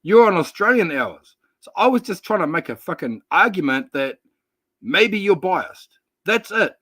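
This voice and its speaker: A man's voice: sits high, sing-song, normal speed, a bit bright, breathy edge, no echo. A man arguing in a combative, sarcastic, swearing way in a heated casual debate on an online call. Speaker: panel guest, boxing fan.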